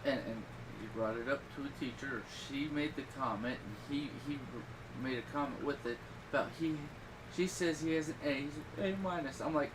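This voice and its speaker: A middle-aged man rambles through family stories in casual podcast chat, his voice rising into loud bursts now and then. He sits a little back from the mic, and steady background noise runs under his talk. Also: mid-range voice, fairly quick, distant mic. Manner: rambling, animated storytelling with loud outbursts. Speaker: podcast host.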